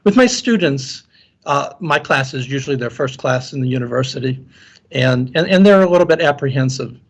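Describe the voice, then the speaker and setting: A man's voice: medium pitch, lively intonation, brisk. A man lecturer giving an earnest conference keynote talk, often repeating words as he restarts his sentences. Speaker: guest speaker and university lecturer.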